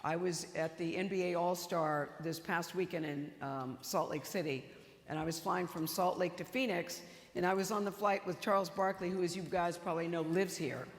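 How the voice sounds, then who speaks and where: An older woman with a lowish voice, speaking at normal speed, gives an emotional, chatty acceptance speech as an award honoree on stage in a large auditorium. She tells funny stories to the audience, and the recording has the reverb of a big hall with a live audience.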